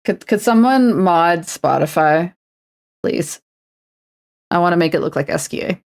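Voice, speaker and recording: A young Canadian woman chats easily with her stream audience while she paints a model. Her voice sits a little low, and she takes her time with each phrase, teasing herself as she goes. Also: lively intonation, a little slow, a little mellow. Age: 20s. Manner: playful and self-mocking, slips into announcer voices. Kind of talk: casual livestream chat while painting a miniature.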